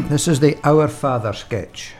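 A man hosting a radio program who performs a comedy sketch, recites lines and delivers wry, deadpan jokes. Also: on the high side, a little slow, faint music behind. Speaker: radio host.

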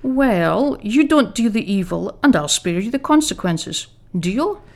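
A woman's voice: mid-range voice, animated, measured pace, darkish tone. A woman voicing God in a radio comedy sketch, fatherly and down-to-earth, with a dry, teasing, patient manner.

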